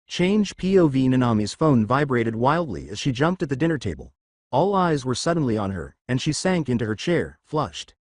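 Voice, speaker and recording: A man narrating a fan fiction story with an expressive reading. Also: medium pitch, normal speed, dry recording, clean studio sound.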